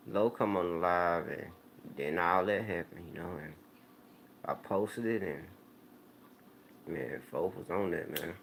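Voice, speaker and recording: A man hosting his own YouTube channel, telling stories to viewers in a relaxed, rambling way with plenty of slang. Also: low-pitched, slow pace, gravelly, long pauses, slight background noise. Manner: laid-back, rambling storytelling with slang. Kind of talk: casual talk to viewers.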